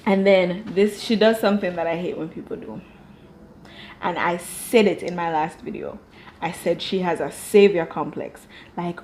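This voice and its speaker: A woman giving casual reaction commentary on a reality TV episode, animated and jumping into quoted voices. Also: lowish voice, moderate pace, slight background noise. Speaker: reality TV reviewer.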